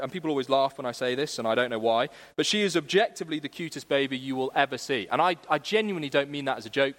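Young male preacher, fairly high voice, earnest and lively, church echo. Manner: earnest and animated, shifting from self-mocking humor to hushed gravity. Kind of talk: sermon. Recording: long church reverb.

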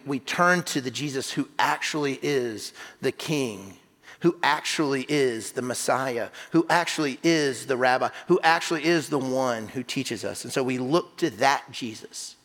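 Man, preacher, sermon, earnest, asks "right?" a lot, loud bursts then hushed lines, long church reverb. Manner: earnest, repeats words and often checks in with "right?"; swings from loud emphatic exclamations to hushed low phrases. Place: church sanctuary.

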